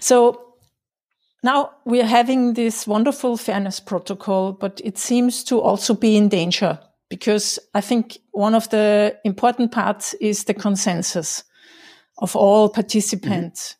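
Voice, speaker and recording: A woman's voice: mid-range voice, steady tone, unhurried, darkish tone. A woman whose first language is German, hosting an interview in English and speaking hesitantly with restarts. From German-speaking country. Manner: hesitant, restarts, laughs often. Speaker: host. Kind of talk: casual interview.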